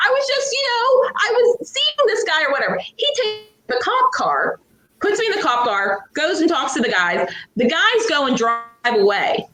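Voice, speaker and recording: A young adult woman from Pittsburgh, a guest author telling a story in a lively, laughing way. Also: sits high, moderate pace. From Pittsburgh, USA. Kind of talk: casual storytelling. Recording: echoey room.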